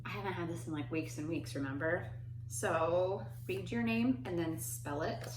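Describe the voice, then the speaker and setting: A woman teaching a remote lesson to young children, speaking in a slow, patient, encouraging way. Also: lowish voice. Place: home. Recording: echoey room, faint noise.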